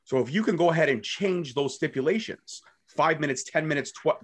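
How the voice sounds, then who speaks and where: A man's voice: fairly high pitch, fairly quick. A man co-hosting a casual wrestling podcast, brash and joking, swearing freely. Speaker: podcast co-host.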